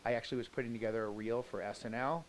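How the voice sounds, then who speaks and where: A male comedian answering interview questions backstage at a theater in a relaxed, conversational way. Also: medium pitch, racing, slight background noise, rough recording. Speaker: comedian guest.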